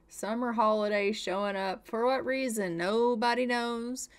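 A woman's voice: fairly high pitch, a little slow, hardly any pauses, smooth. A young woman giving chatty, exasperated and dramatic commentary over a life-sim game. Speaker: let's play host.

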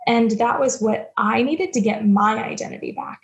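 A woman's voice: fairly high pitch, normal speed, vocal fry. A young adult woman speaking as a podcast guest, earnest and reflective, a little self-deprecating about her stepmom experience. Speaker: guest, stepmom platform founder. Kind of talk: candid podcast interview. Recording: dull lo-fi remote audio.

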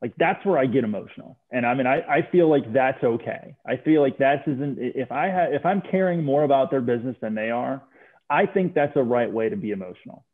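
A man's voice: mid-range voice, fairly quick. A man taking part in a group call, speaking earnestly with stumbling restarts. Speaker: book club participant. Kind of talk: casual group call discussion. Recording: tinny phone-like line.

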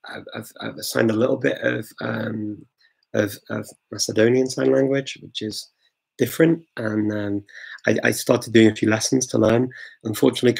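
Low gravelly man, chatty live Q&A host. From England. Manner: chatty, rambling, frequent fillers and restarts. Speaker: host answering viewer questions. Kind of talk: live Q&A chat.

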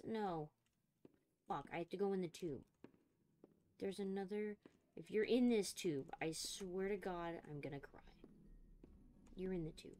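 A woman's voice: lowish voice, measured pace, pauses often, mellow, slight background noise. A young woman streamer playing a scary game, talking to herself in a jittery way and swearing often. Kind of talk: let's play commentary.

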